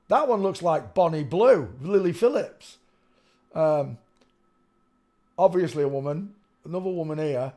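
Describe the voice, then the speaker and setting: While reviewing a video, a man muses and rambles in casual commentary, often restarting and going off on asides. He has a slightly high, darkish-toned voice.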